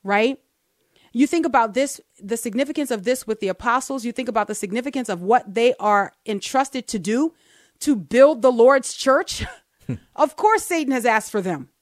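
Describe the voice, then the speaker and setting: A woman co-hosting a Christian talk show, earnestly teaching from the Bible and slowing down to read verses aloud. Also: a little high, animated, no room sound, studio quality. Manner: earnest, explains step by step, slows down to read verses.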